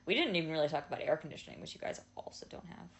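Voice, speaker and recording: A woman in her twenties with an American accent, co-hosting a podcast in casual chat, talkative and quick to laugh. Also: low-pitched, animated, gravelly, a little hiss or hum. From Washington, D.C. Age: 20s. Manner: chatty, laughs often, fillers like "like". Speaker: podcast co-host.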